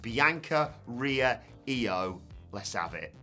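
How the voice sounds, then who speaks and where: A man recapping a wrestling show, animated, swinging from loud calls to hushed asides. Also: medium pitch, a little slow, faint music behind. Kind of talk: scripted recap commentary.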